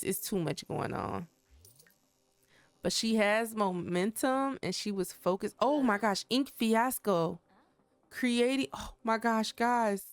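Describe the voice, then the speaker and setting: A woman talks her viewers through a life-simulation game in a chatty, exclamatory way, reacting out loud to the drama on screen. Her voice is mid-pitched and natural. The sound is dry and close, with no room around it. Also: dry recording. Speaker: gaming channel host. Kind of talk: let's play commentary.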